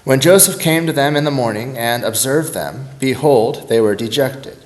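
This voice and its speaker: A man reading scripture aloud at a steady, unhurried pace. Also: mid-range voice. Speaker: scripture reader.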